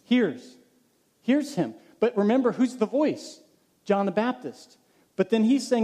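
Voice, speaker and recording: A man's voice: high-pitched, big pitch swings, unhurried, mellow. A male pastor preaching a sermon, reading scripture aloud and putting questions to his congregation.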